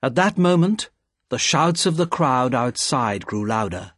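Man reading an audiobook, slow and husky, lively ups and downs, dry close mic. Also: mid-range voice, no room sound. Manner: measured, expressive reading. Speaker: audiobook narrator. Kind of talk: scripted narration.

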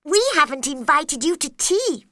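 A woman voicing a cheeky, excitable male March Hare in a storybook reading, loud and squeaky. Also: unhurried, full character voice.

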